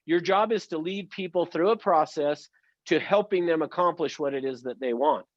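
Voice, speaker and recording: High-voiced upbeat male sales trainer. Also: normal speed, dry recording, highs cut off. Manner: upbeat, emphatic, coaching tone. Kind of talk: motivational online training talk.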